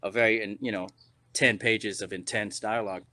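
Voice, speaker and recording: A man's voice: lowish voice, steady tone, normal speed, bright, forceful tone. A middle-aged man, an actor guesting on a podcast, telling a story casually with lots of restarts and "you know"s.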